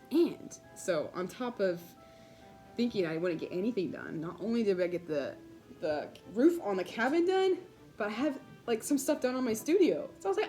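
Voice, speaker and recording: A young woman in a casual vlog, bubbly and giggly, filling her story with "like" and laughter, excited and caffeinated. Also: a little high. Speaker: vlogger.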